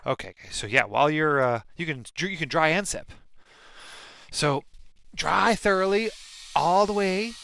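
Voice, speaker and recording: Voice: mid-range voice, normal speed, gravelly, a bit bright, dry recording, low-quality recording. A co-host bantering casually in a joking way, stumbling over restarts.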